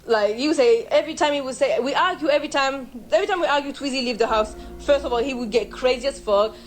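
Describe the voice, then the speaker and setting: A young woman from France, telling a personal story in a vlog in an emotional, halting way with many restarts. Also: high voice, rough recording. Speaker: vlogger.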